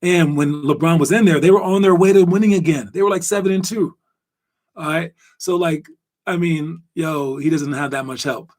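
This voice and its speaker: Guy rambling about hoops, kinda high voice, lots of um and like. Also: normal speed. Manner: rambling, animated, lots of fillers. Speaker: podcast host. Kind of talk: casual basketball chat.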